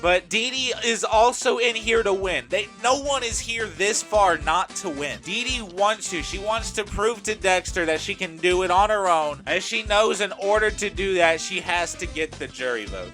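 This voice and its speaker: Man, casual game recap narration, chatty storytelling, bright tone, faint music behind. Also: high-pitched. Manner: chatty, lively storytelling with fillers.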